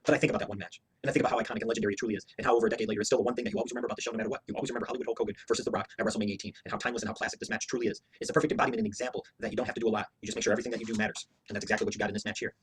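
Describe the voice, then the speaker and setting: A man's voice: fairly low pitch, level tone, very fast, hardly any pauses, breathy edge. A man giving a heated, profane, opinionated review rant as a wrestling show reviewer, hammering his points with emphatic repetition.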